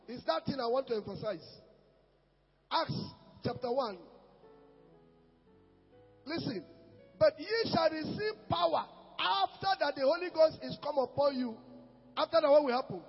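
A man preaching as a pastor, swinging between shouts and low murmurs. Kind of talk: sermon. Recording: echoey hall with dull sound and music.

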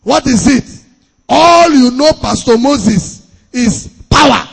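A man preaching a sermon as pastor, emphatic and repetitive, with sudden shouts. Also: very high voice, expressive, takes it slowly, creaky, slightly rough. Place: church hall. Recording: long hall reverb.

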